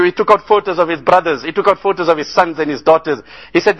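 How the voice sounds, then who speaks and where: A man's voice: fairly high pitch, fast, few pauses, fairly bright tone, muffled recording. A man giving an earnest sermon about a relief trip, telling stories and rising into impassioned appeals. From South Africa. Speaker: Islamic speaker.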